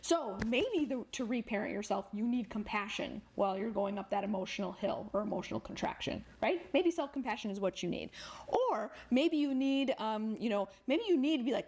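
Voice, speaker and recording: A woman therapist appears as a podcast guest, talking frankly and energetically in casual conversation, swearing freely and acting out inner voices. Her voice is on the high side, animated, fairly quick and darkish in tone.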